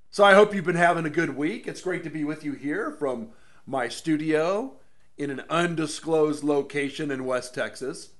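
A man's voice: fairly high pitch, fairly bright tone. A man hosting his own political rant show from his home studio, rambling and sarcastic in a monologue.

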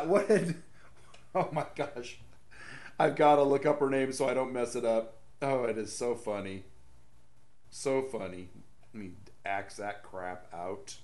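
A man hosting casual political commentary in a sarcastic tone, laughing at his own jokes. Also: on the high side. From American South. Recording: echoey room.

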